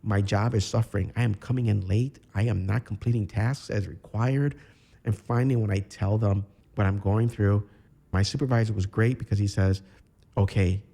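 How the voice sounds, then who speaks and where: A man from Chicago, a podcast guest, telling his own story in a candid, reflective way with halting restarts. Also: lowish voice, steady tone, vocal fry, dark tone. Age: 30s. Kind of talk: personal storytelling interview.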